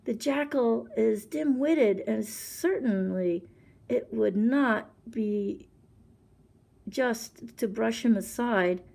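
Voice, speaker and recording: A woman's voice: a little high, takes it slowly, creaky, dark tone, heavily acted. A woman voicing an anxious, learned holy man who speaks formally and sounds put-upon. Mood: nervous.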